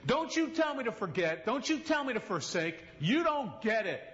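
A man's voice: extremely high pitch, sing-song, moderate pace, lo-fi sound, noisy background, pitched above the performer's own voice. A male preacher voicing a woman who angrily rejects his call to forgive. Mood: indignant. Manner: indignant, accusing. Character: angry woman abuse survivor confronting a preacher.

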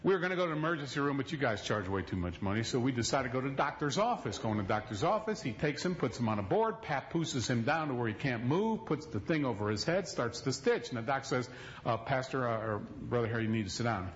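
Animated preaching man, lively swings. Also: medium pitch, fast, few pauses, muffled recording. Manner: animated preaching, swings between loud and hushed. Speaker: pastor. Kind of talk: sermon.

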